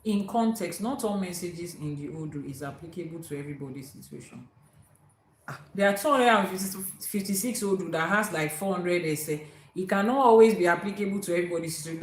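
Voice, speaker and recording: A woman, teaching as an Ifa priestess, emphatic and quoting proverbs. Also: mid-range voice. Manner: emphatic, repeats key words, quotes proverbs. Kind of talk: spiritual teaching talk. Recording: echoey room.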